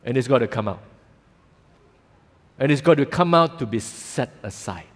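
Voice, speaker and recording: A man with a Malaysian English accent preaching a sermon as pastor, telling the story with animated acted-out voices. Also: mid-range voice, moderate pace. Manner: animated storytelling, acting out voices in quoted lines. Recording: long reverb of a church hall.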